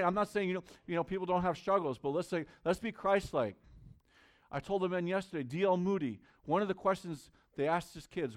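A man's voice: sits high, brisk. A man preaching a sermon as pastor, earnest and conversational, reading Bible verses aloud to his church.

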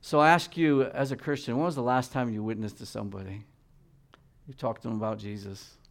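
A man preaching a sermon, reading scripture and swinging between loud emphatic peaks and quiet, low asides. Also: steady tone, a little fast, vocal fry.

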